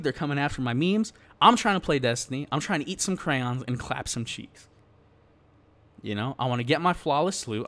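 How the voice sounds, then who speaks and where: A man delivering an exasperated gaming rant, his voice a little high for a man and swinging widely up and down as he gets heated. He talks casually and with plenty of slang, straight to his viewers. His frustration rises and falls but never leaves. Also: fairly bright tone. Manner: worked-up, exasperated ranting; casual slangy address to the audience. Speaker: gaming YouTuber. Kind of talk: ranting gaming commentary.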